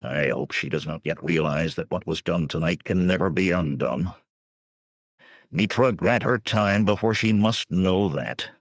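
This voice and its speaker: A man voicing a sorrowful one-eyed old warrior who speaks slowly. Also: sits low, slightly rough, dry recording, studio quality. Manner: slow, sorrowful.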